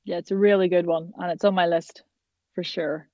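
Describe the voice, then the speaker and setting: A woman's voice: fairly low pitch, steady tone, darkish tone, no room sound, muffled recording. An Irish woman working as a voice and accent coach, chatting enthusiastically in an interview. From Ireland. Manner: chatty, enthusiastic, quick asides. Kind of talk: casual interview chat.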